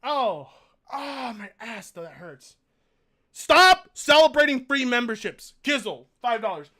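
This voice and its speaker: A man's voice: very high voice, big pitch swings, a little slow, sharp tone. A man streaming live, reading donations aloud, swearing and groaning in pain in a whiny, exasperated way. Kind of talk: casual live-stream chat.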